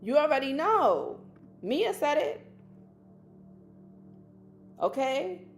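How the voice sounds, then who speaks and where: A woman's voice: high-pitched, wildly swooping pitch, extremely slow, vocal fry, soft background music. Chatty woman hosting a spiritual livestream. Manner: chatty and colloquial, calls listeners baby. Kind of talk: casual livestream teaching.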